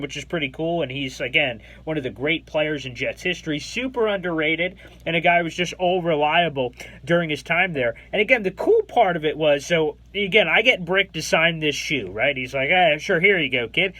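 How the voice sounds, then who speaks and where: A young man with a bright, high-pitched American voice tells a casual storytime to his channel. He is animated and excitable, jumping into his own remembered reactions. The sound is close and dry, with no room around it. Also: no room sound. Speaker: YouTube host telling a story.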